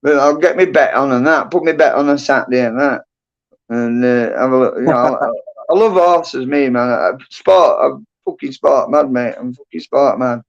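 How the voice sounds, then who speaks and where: Bloke rambling on a livestream, swears a lot, dull lo-fi audio. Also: male voice, medium pitch, normal speed, vocal fry. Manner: rambling, sweary, lots of "and that" and "you know". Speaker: livestream host. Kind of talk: casual chat.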